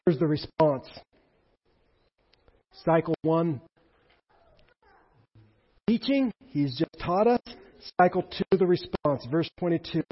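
A man preaching a sermon in an animated way, with emphatic peaks and asides to the congregation. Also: a little high, slow, pauses often, husky, lo-fi sound. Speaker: pastor.

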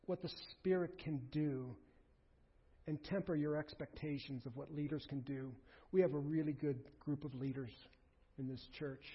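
A man's voice: mid-range voice, breathy edge. Earnest male pastor in an echoing church. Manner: earnest, pleading, with restarts. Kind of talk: sermon. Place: church sanctuary. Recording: muffled sound with a long hall echo.

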